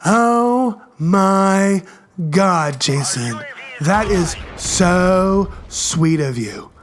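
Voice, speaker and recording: A man's voice: sits high, expressive, very slow, a little hiss or hum, heavily acted. A man quoting his young girlfriend as she gushes over gifts. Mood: gushing.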